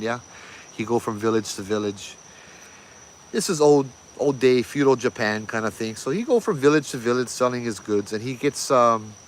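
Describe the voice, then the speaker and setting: Man, Hawaiian Pidgin accent, casual storytelling, mid-range voice, faint insect noise. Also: medium pitch. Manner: animated, laughing, pidgin phrasing. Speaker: ghost story host.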